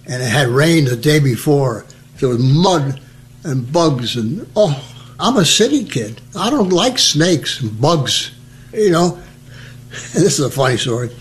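Older guy from jersey spinning war stories, lively, does the voices, slightly high voice. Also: measured pace. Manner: lively storyteller, acts out voices and laughs. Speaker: veteran recounting memories. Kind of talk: oral history storytelling.

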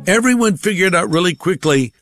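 A man's voice: a little high, normal speed, a bit bright, faint music behind. A man giving a conversational personal testimony, acting out the voices of the people in his stories.

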